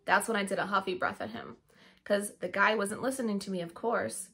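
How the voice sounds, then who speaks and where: A woman narrating a children's storybook aloud, lively and expressive. Her tone is bright, with a gravelly, husky grain. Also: medium pitch, a little fast. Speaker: audiobook reader.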